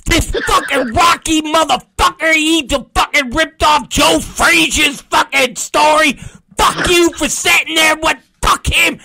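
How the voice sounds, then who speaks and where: A man's voice: very high-pitched, fairly even intonation, a little slow, gravelly, sharp tone, shouting, pitched above the performer's own voice, exaggerated voice. A man imitating a furious woman screaming insults from a passing car. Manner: screaming, profane.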